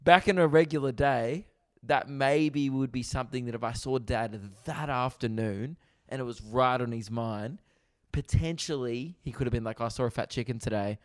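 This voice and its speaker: A man's voice: medium pitch, normal speed, dry recording. Jokey young Australian man, dry close sound. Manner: jokey storyteller, laughing often. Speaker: podcast host. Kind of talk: casual chat over video call. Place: at home, remote. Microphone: video call.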